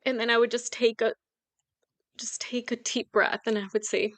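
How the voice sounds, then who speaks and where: A woman with a fairly high voice speaks openly and emotionally, close to tears, in a casual podcast chat. The sound is dry and close, with no room around her. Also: flat delivery, moderate pace, no echo. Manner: candid, tearful, speaks of grief with nervous laughs. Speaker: podcast co-host.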